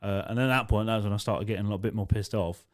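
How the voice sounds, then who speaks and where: A man's voice: fairly low pitch, level tone, racing. A man, a podcast co-host and doorman, telling a blunt, rambling, sweary story in casual chat. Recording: raw, unedited podcast.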